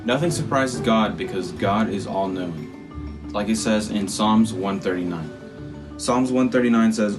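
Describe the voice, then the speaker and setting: A man calmly introducing a children's church video and reading a scripture passage. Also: fairly low pitch, a little slow. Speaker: children's ministry host. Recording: distant voice over guitar music.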